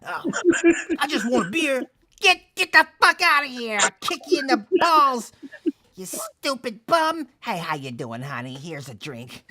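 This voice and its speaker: A man's voice: very high voice, big pitch swings, unhurried, pushed and bright, pitched above the performer's own voice, exaggerated voice. A man voicing a foul-mouthed, brash woman bartender at a dive bar, screeching insults at a bum and then turning sweet for paying customers.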